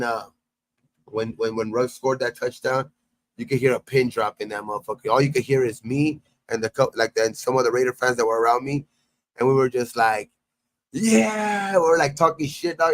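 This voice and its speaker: A man's voice: medium pitch, a little fast. A man on a sports podcast, telling loose, profane fan stories in casual chat, full of restarts. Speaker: podcast host.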